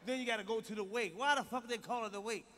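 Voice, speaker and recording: A male stand-up comedian doing a loud, profane, mocking routine on stage. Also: very high voice, fairly even intonation, fast talker, a little hiss or hum. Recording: live stage recording with hall reverb and faint ambience.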